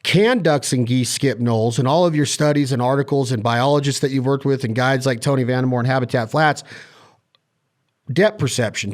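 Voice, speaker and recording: A man hosting a podcast, asking eager, halting questions with lots of restarts. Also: medium pitch. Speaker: podcast host. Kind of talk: casual chat.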